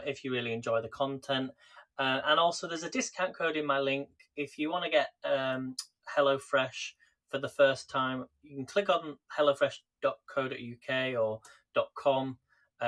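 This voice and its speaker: With a medium-pitched, slightly bright voice, a man hosts a live cooking stream. He chats casually and greets viewers by name from his home kitchen, where a camera sits on a tripod.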